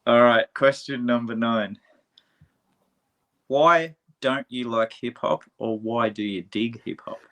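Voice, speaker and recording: A man hosting a casual interview, chatty and quick to laugh. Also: medium pitch. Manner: chatty, laughs often, animated asides. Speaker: host. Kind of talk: casual video-call interview.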